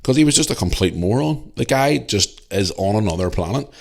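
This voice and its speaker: A man with a Northern Irish accent tells a story on his podcast, blunt and full of swearing. His voice is very deep and low. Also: animated, a little fast, gravelly, darkish tone. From Northern Ireland. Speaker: podcast host. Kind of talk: casual storytelling.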